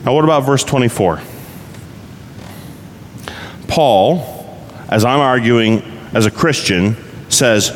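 A man's voice: mid-range voice, slow, long pauses. A pastor preaching a conversational sermon, asking his listeners rhetorical questions. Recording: reverberant hall, faint background noise.

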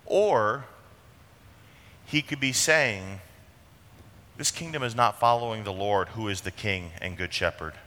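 A man preaching a sermon with earnest emphasis, slowing down on key phrases. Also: fairly low pitch, bright, forceful tone. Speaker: pastor. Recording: long reverb of a large hall.

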